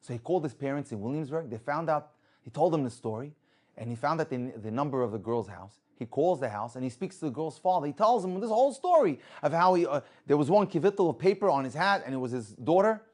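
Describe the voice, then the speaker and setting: A man telling an inspirational religious story with lively delivery, acting out the people in it. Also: fairly high pitch, fast. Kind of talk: inspirational story told to an audience.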